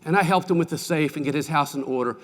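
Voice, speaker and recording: A middle-aged man giving a folksy, animated keynote speech at a conference, telling stories and asking the audience questions. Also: a little high, quick pace. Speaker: keynote speaker. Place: large conference hall. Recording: distant mic with long hall reverb.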